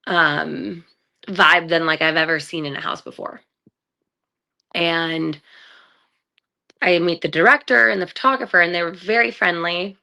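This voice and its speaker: A woman's voice: fairly low pitch, gravelly, bright, forceful tone. A woman guest telling her own story in a conversation, candid, with many fillers and acted-out quotes of what people said. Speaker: guest, trafficking survivor.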